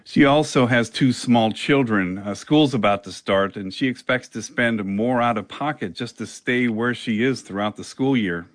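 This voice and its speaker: A male reporter giving a measured news report in a plain, steady delivery. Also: mid-range voice, dry recording.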